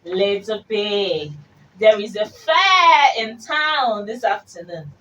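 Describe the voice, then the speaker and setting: A woman voicing a scheming wolf in a fairy tale, slow and wheedling. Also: medium pitch, big pitch swings, bright, forceful tone, heavily acted. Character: scheming big bad wolf. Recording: distant mic with faint hiss.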